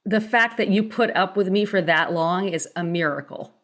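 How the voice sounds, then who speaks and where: A woman's voice: on the low side, moderate pace, fairly bright tone. Woman podcast co-host, friendly, asking questions casually. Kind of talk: casual interview chat.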